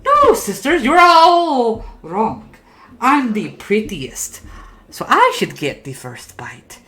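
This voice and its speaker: Woman putting on a shrill squabbling hag puppet. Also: wildly swooping pitch, takes it slowly, sharp tone, reverberant, full character voice. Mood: vain. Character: cackling greedy old hag puppet, female.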